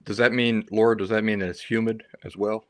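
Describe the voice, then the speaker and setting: A man's voice: fairly low pitch, little pitch movement, fairly quick, a bit bright, dry recording, clean studio sound. A man hosting a livestream, telling stories in a rambling, chatty way and reading out viewer comments. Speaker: livestream host. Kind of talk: casual livestream chat.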